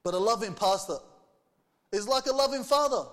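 A man's voice: high-pitched, fairly quick, a bit bright, in a large hall. A man preaching a sermon, reading scripture aloud and putting earnest rhetorical questions to the congregation. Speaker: pastor.

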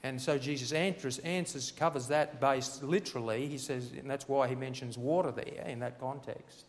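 A man preaching a sermon and reading scripture, fervent and building to loud, emphatic passages. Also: mid-range voice, steady tone, moderate pace. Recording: long reverb in a large hall.

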